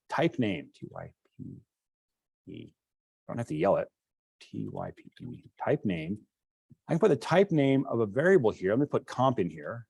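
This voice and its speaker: A male instructor lectures to a class, talking through his code as he demonstrates it and restarting phrases as he thinks. His voice sits at a middle pitch. The sound is dry and close, with no room echo. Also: creaky, a little mellow, slightly rough.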